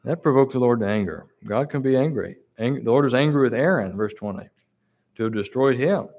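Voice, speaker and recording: A man's voice: mid-range voice, a little fast, darkish tone. Man preaching, reading scripture aloud. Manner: reads verses aloud and repeats key words for emphasis.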